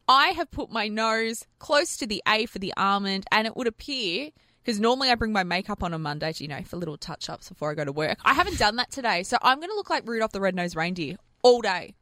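Bright lively woman radio host. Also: mid-range voice, no room sound, studio quality. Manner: playful, teasing, quick to feign outrage. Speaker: radio breakfast show co-host. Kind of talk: casual radio banter. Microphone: studio microphone.

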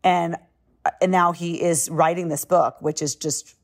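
A middle-aged woman talking casually and emphatically through a book summary, with animated asides. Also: on the low side, unhurried.

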